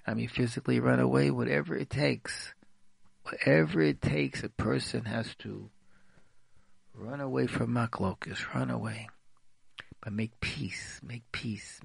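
A man with a heavily gravelly, husky voice gives advice on a radio talk show. He repeats his phrases over and over for emphasis. The sound is dry and close. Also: mid-range voice, no echo.

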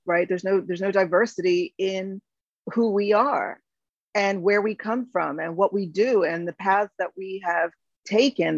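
A woman's voice: medium pitch, no echo. A woman in her fifties from the United States, a company founder talking reflectively in an interview, with many fillers and restarts. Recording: dull, slightly lo-fi sound.

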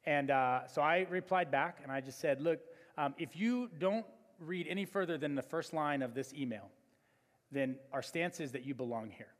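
A male pastor preaching a sermon, telling stories in an animated way with many fillers and restarts. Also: fairly high pitch, normal speed. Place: church hall. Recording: long church hall reverb.

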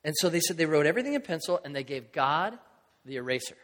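Quick-paced and very animated, this middle-aged pastor has a fairly high, fairly bright voice. His sermon is conversational, and he performs the voices of characters in his stories while a long hall reverb lingers behind him.

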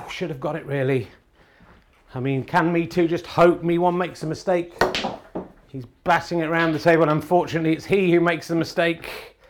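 A middle-aged man with an English accent, hosting a comedy podcast in excitable, hesitant mock snooker commentary. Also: on the high side, a little hiss or hum. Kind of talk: comic mock sports commentary.

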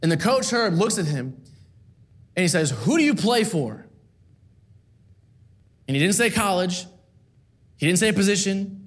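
A man's voice: sits high, sing-song, measured pace, pauses often. A man preaching a sermon to a church, earnest and rhythmic, repeating key phrases with rising emphasis.

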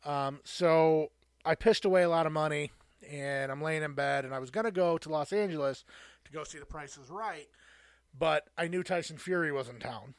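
A man with a higher voice co-hosts a podcast, spinning a rambling anecdote in casual chat with fillers and laughs. He talks at a normal speed, and there's no echo.

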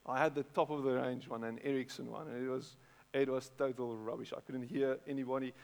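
A middle-aged man with a South African accent, preaching a sermon in a conversational way, repeating words and breaking into animated bursts. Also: mid-range voice, fairly quick, vocal fry. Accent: South African English. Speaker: pastor. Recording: long hall reverb.

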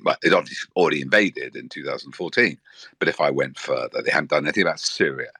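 A man speaking as a political commentator in an earnest, animated way, often stopping to restart his sentences. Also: extremely low pitch, fairly quick, creaky, no echo. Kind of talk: spoken talk with stops and restarts.

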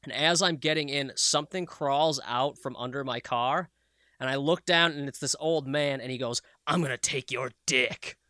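A man co-hosting a casual podcast, telling animated stories full of swearing and "like". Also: mid-range voice, moderate pace, dry recording, studio quality. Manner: animated storyteller, swears freely, lots of "like". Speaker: podcast co-host. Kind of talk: casual chat.

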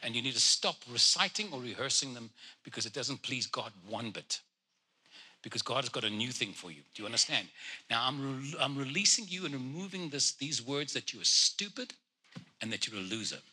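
A man ministering as a guest prophet, speaking directly to people in the congregation and teasing them with quick jokes. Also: mid-range voice, animated, bright, forceful tone, slight background noise.

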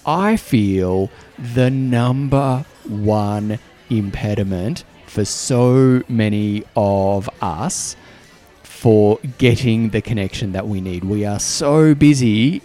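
A man's voice: medium pitch, darkish tone. A man hosting a solo podcast, talking in a reflective, conversational way that often restarts and repeats words. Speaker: podcast host.

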